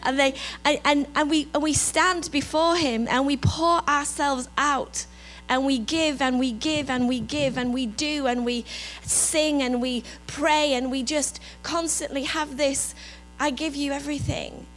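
A woman with an English accent giving a reflective sermon, softening her voice as she lists God's gifts. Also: sits high, fairly even intonation, a little slow, faint music behind, low-quality recording. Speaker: preacher.

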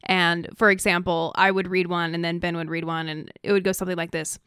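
A woman's voice: on the low side, flat delivery, fairly quick, fairly bright tone, clear, resonant tone, dry recording, clean studio sound. A woman co-hosting a casual podcast, easygoing and teasing. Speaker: podcast co-host.

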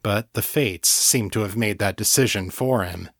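A man narrating a fantasy novel in a calm, measured way, close to the mic. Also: on the low side, no echo. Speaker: audiobook narrator. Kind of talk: scripted narration.

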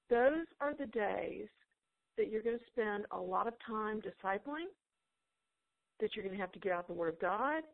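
Woman guest speaker, earnest encouraging preacher tone, gravelly, thin phone-like dry audio. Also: mid-range voice, dry recording. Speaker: guest speaker, homeschool author. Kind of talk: encouraging talk and Q&A.

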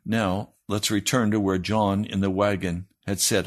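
A man's voice: lowish voice, level tone, unhurried. A man, a pastor, reading a story aloud in a sermon, raising his voice for the quoted lines.

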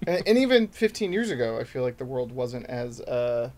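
A man's voice: medium pitch, sing-song, normal speed, a little mellow. A man from New York City, a guest comedian talking casually and acting out quotes in rambling asides. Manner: rambling, acts out quotes in voices. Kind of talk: casual podcast chat.

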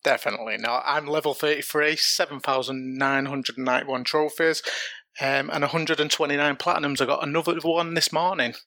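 A man from Britain joins a gaming podcast as a guest, relaxed and modest as he talks. His voice has a gravelly texture and a bright, forward tone. The sound is dry. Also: on the high side, a little fast, no room sound. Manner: easygoing, modest. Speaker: guest, longtime listener. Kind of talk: casual gaming podcast chat.

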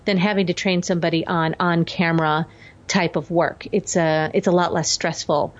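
A woman's voice: fairly low pitch, level tone, normal speed. Coaching woman, dull lo-fi audio. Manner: warm, coaching, emphatic. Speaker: vocal coach guest. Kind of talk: interview talk.

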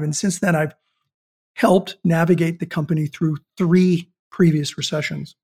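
A man's voice: sits high, vocal fry, darkish tone, husky. An older man hosting a podcast, telling a business anecdote in an easygoing way and often repeating words as he searches for the next one. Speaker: podcast host and business founder. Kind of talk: storytelling podcast talk.

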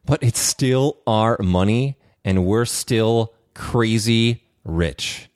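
A man's voice: lowish voice, very slow, darkish tone, no room sound, studio quality. A man hosting his own podcast, talking in a candid, confessional solo monologue with frequent "uh" fillers. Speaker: podcast host.

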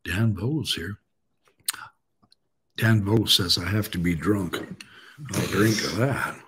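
A man's voice: low-pitched, slow pace, a bit bright, slight background noise. A man hosting a live-streamed podcast, chatting casually and joking with his guest. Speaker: podcast host.

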